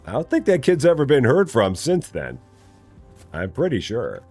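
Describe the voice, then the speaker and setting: A man's voice: medium pitch, wildly swooping pitch, moderate pace, a little mellow, husky, faint music behind. A man streaming a game live, chatting casually, reading chat aloud and joking in a rambling way.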